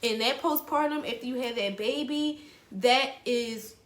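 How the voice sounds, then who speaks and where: Candid young woman with a high, echoey voice. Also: measured pace. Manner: blunt and emotional, swears freely, addresses viewers as y'all. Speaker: vlogger. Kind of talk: candid storytelling to camera.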